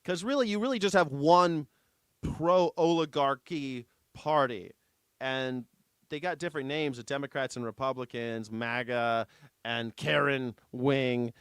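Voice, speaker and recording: A man's voice: mid-range voice, measured pace, a bit bright, clean tone, no echo. A man hosting a news reaction show, commenting casually in an irreverent, sarcastic way with some swearing. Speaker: host.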